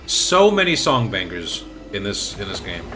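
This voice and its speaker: A man hosting a game stream, talking excitably and rambling with frequent laughs. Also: lowish voice, normal speed, over music. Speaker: streamer host. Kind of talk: casual game-stream chat.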